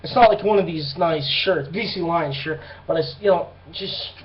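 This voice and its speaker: A young man with a high-pitched voice tells a rambling story full of swearing, acting out the people in it. The recording is dull and lo-fi. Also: moderate pace, noisy background. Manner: profane, rambling, animated retelling. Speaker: vlogger. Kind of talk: casual storytelling monologue.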